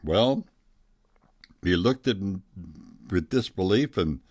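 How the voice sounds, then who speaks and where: A man reading a tall tale aloud in a mock-serious, deadpan manner, with occasional fillers. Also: sits low, measured pace, no echo, clean studio sound. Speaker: storyteller.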